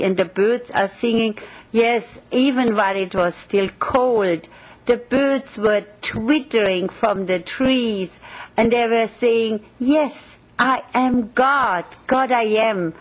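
Slow, reverent woman spiritual teacher. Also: medium pitch, poor audio. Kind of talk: devotional talk.

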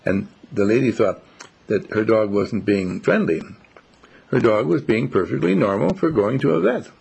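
A man giving a slow, musing, reflective monologue, telling stories as he goes. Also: fairly low pitch, lively intonation, vocal fry, darkish tone, breathy edge. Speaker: speaker.

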